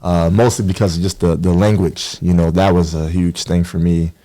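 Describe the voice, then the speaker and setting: A man's voice: deep voice, little pitch movement, moderate pace, warm tone. A man speaks as a podcast guest. He tells stories casually and animatedly, and he acts out the people in them. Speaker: podcast guest, professional basketball player. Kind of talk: casual storytelling interview.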